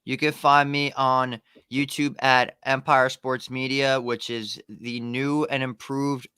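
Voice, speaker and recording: A man's voice: mid-range voice, level tone, takes it slowly, pushed and bright, clean tone, no echo, clean studio sound. A man appearing as a guest sports content creator on a video call, cocky and brutally frank in casual chat. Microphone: webcam on a video call.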